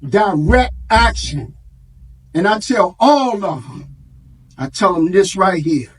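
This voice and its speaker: A man's voice: sits high, animated, a little slow, slightly rough. A man giving an impassioned speech to a live audience, preacherly, with call-and-response and street vernacular. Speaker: community organizer speaking at an event.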